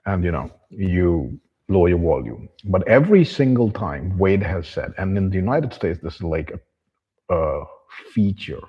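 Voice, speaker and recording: Low husky man ranting bluntly. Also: animated, a little slow, dull audio. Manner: refers to himself in the third person; blunt, profane, contemptuous ranting. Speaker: vlogger. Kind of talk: monologue to camera.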